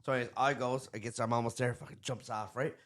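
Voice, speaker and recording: A man's voice: mid-range voice, fast. A middle-aged man with a Newfoundland accent telling a story in casual chat, swearing often and restarting his sentences. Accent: Newfoundland English. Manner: profane, animated, rambling with many restarts. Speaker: podcast guest.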